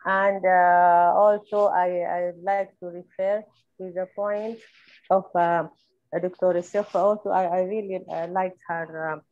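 A woman whose first language is Arabic, speaking haltingly in English with Arabic phrases mixed in, in an online group discussion. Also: on the low side, level tone, phone-quality sound. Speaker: discussion participant.

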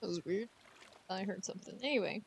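A woman's voice: mid-range voice, quick pace, creaky, a little hiss or hum. A woman streamer chatting casually over gameplay, giggling and talking to the game's characters from a room at home.

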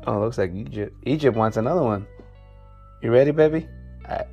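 A man casually chatting on a vlog as he shows his snakes, talking softly and coaxing them. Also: on the low side, moderate pace, long pauses, faint music behind. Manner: laid-back, talks softly to his snakes. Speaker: snake keeper showing his collection. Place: indoor snake room.

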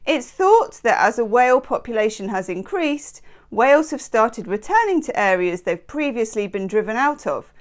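A woman hosting a daily tarot channel, chatting casually and playfully and reading aloud from an almanac with self-deprecating asides. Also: a little high. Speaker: tarot reader and channel host.

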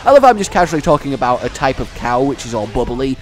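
A man hosting a let's play, rambling excitedly about the game, joking, and breaking into shouts and silly voices. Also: mid-range voice, fast talker, faint music behind. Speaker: gaming channel host.

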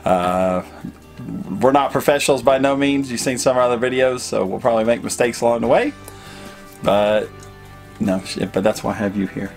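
A man's voice: mid-range voice, normal speed, creaky, faint music behind. A man co-hosting a casual do-it-yourself vlog, talking in an easygoing, hesitant way with many fillers. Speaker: vlog co-host. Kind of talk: casual how-to chat.

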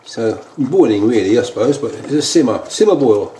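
A man's voice: medium pitch, expressive, moderate pace, dark tone. A British man hosting a casual home cooking demonstration, rambling and repeating himself as he explains a recipe. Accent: British English. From United Kingdom. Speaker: home cook host. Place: home kitchen. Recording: echoey kitchen with faint noise.

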